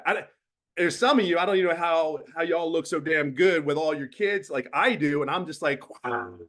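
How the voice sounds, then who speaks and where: A man's voice: a little high, moderate pace, a bit bright. A middle-aged man giving a blunt, preachy motivational mentoring talk as guest host, with emphatic bursts.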